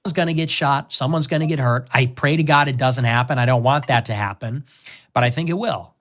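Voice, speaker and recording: A man's voice: medium pitch, fairly quick, fairly bright tone. A man in a played clip of political commentary, speaking in an emphatic, warning way.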